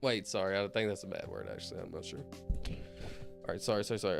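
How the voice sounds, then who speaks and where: A man's voice: low voice, very animated, fairly quick, gravelly, long pauses. Man, livestream counting, rambling, talks to himself, faint music behind. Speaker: streamer counting aloud. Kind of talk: casual livestream chat.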